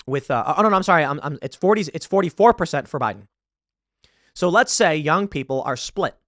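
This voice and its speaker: Animated male political commentary host. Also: fairly high pitch, no echo, studio quality. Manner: animated, opinionated, self-correcting.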